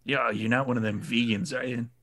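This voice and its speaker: A man playing his character in a tabletop role-play, gruff, laid-back and sarcastic. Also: medium pitch, fairly even intonation, brisk, fairly bright tone. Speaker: player.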